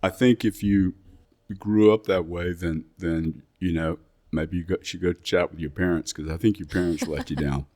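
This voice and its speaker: A man's voice: low voice, fairly even intonation, moderate pace, a little mellow. A middle-aged man with an English accent, a guest in an interview, talking bluntly and emphatically and often repeating himself. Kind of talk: casual interview talk.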